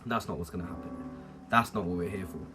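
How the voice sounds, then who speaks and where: A man's voice: sits low, steady tone, fast talker, music in the background. A young man talking candidly to camera as a self-improvement vlogger, swearing and laughing at himself. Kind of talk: casual talk to camera.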